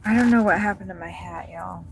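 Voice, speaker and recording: Speaking briskly in a gravelly, lowish voice, this woman rambles through casual livestream chat while she drives for deliveries. The car interior is noisy, and she swears now and then.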